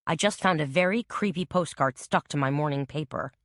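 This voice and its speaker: A woman voicing a calm, wry woman who runs a scrapbook shop, in a mystery audiobook. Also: low-pitched, fairly quick, no room sound, clean studio sound, natural voice. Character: level-headed woman scrapbook shop owner.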